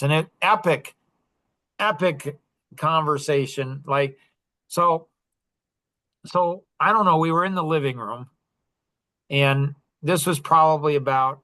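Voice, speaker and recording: A man's voice: on the high side, pushed and bright. A middle-aged man telling a long personal story on a podcast, rambling, with many fillers and restarts.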